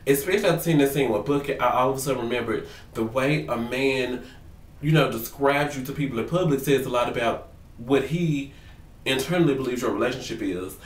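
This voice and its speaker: A man casually reviewing a reality show for his vlog, talking in animated, profane slang and acting out what people said. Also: mid-range voice, a little fast, far from the mic. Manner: animated, profane, slangy, acts out quotes in voices. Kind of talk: casual gossip commentary to camera. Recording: roomy sound, away from the mic.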